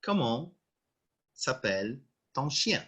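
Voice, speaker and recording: A man teaching French over a video call, with a husky voice and a lively, rising and falling pitch. He speaks slowly and repeats each phrase with patience. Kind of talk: online language lesson.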